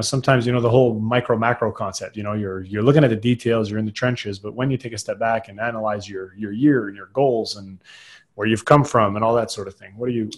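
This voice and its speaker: Host, man, lowish voice, easygoing questions, lots of fillers. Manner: thoughtful, loose phrasing with many fillers. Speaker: podcast host. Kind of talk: casual interview.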